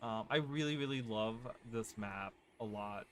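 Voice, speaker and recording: A gaming channel host runs a casual let's-play, rambling along with lots of fillers and rhetorical "right?" checks into a desk microphone while game music plays beneath him. His voice is lowish and a bit bright, a little slow, with slight background noise.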